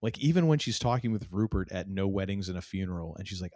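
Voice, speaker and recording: Guy cohosting a podcast, kinda low voice, super enthusiastic, does little impressions and laughs a lot, dry mic. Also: lively intonation, quick pace, dark tone, dry recording. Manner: enthusiastic, acts out quoted lines, laughs often. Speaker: podcast co-host. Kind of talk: casual TV recap chat.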